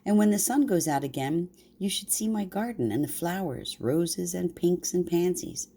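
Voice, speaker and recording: Soft earnest little country mouse, gran reading it, low mellow voice. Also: female voice, lively intonation, moderate pace, husky. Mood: gentle, earnest. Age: older. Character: gentle, homesick male country mouse.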